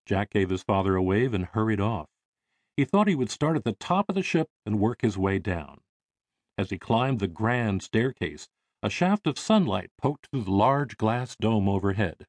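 Expressive male audiobook narrator. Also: lowish voice, normal speed, dry recording. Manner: expressive storytelling.

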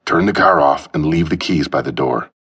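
A male narrator voicing a suspicious, armed middle-aged man who gives clipped, gruff orders. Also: rumbling low, normal speed, a bit bright, distant mic, exaggerated voice. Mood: menacing.

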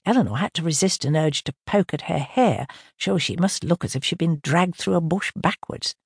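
An older woman reading a mystery novel aloud in a measured narrating manner. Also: lowish voice, breathy edge, dry recording. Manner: measured, gives characters lightly raised voices. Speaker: audiobook narrator. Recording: dry close studio audio.

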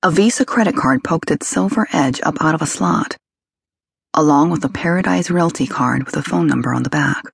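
A woman narrates a detective novel with steady, measured delivery. Her voice is husky with a gravelly grain. She is recorded on a close mic in a dry room. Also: low-pitched, dry recording. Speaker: audiobook narrator. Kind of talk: scripted narration.

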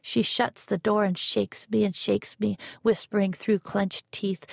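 Audiobook narrator, woman; slow measured reading, dry close sound. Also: medium pitch, flat delivery, creaky, a little mellow, no room sound. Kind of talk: first-person novel narration.

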